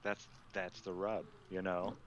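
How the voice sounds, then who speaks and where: A man on a casual panel chat, explaining ideas in a calm, matter-of-fact way. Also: low voice, a little slow, lo-fi sound, a crowd in the background. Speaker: panel guest.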